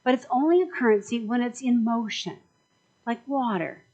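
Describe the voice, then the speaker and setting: A woman's voice: on the high side, animated, moderate pace, a little mellow, lo-fi sound. A woman minister giving a chatty, joking sermon in a conversational way.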